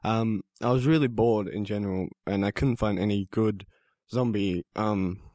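A man's voice: on the low side, normal speed, warm tone, dry recording, clean studio sound. Hesitant Australian man on a podcast. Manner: hesitant, many ums. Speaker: guest fan. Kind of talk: casual chat.

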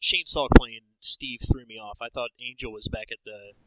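A man's voice: medium pitch, fairly even intonation, moderate pace, very noisy. A laid-back, joking man chatting on a podcast. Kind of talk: casual chat.

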